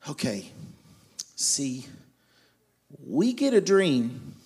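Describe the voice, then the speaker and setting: A man preaching a sermon, swinging between loud emphatic lines and quiet confiding storytelling. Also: a little high, extremely slow, breathy edge. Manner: animated, loud and emphatic, then quiet and confiding when telling his story. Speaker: guest preacher.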